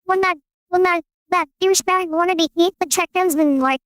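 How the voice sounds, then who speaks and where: A man putting on a silly, very high voice for a goofy rambling character, joking crudely. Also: normal speed, a bit bright, no echo.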